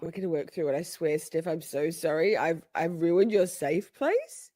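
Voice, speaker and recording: A woman chatting casually as she reacts to a trial, giggly and playful, swinging from soft whispers to high squeals. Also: expressive, normal speed, no room sound.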